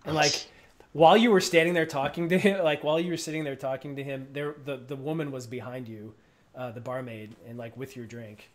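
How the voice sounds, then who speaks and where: A man running a tabletop game as game master, narrating casually and filling pauses with "like". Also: medium pitch, steady tone. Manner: casual, filler-heavy with frequent "like".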